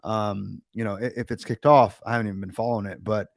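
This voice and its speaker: A man's voice: lowish voice, steady tone, fast talker, vocal fry, no echo. Ranting American man, dry close sound. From United States. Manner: ranting, sarcastic, many restarts. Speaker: livestream host. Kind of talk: casual livestream chat.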